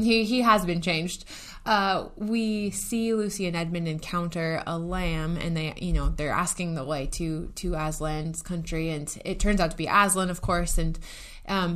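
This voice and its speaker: A woman in a casual book discussion who reads passages aloud expressively and talks through them warmly. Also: lowish voice.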